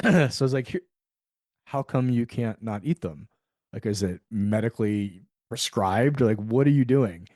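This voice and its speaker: Man, middle-aged, guest storyteller: animated, acts out dialogue, curses casually; mid-pitched, dry close-miked sound. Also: moderate pace, no echo. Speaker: podcast guest. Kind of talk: storytelling in a conversational interview.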